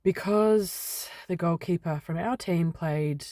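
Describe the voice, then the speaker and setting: A woman's voice: on the low side, slow, no echo, clean studio sound. A woman, talking candidly in a rambling personal vlog, getting heated and swearing mildly as she vents. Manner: rambling, animated when venting, mild swearing. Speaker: vlogger.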